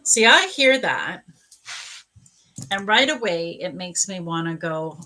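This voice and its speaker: Bright-voiced gushing psychic woman. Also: mid-range voice, expressive, a little slow. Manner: gushing, emotional, warm-hearted talk. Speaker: psychic medium doing live readings. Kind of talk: live-stream card reading.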